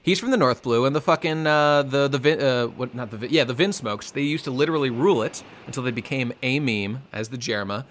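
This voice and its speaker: A man co-hosting a podcast, chatting casually and excitably about a manga chapter with playful asides. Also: mid-range voice, brisk, few pauses, slight background noise. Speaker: podcast co-host.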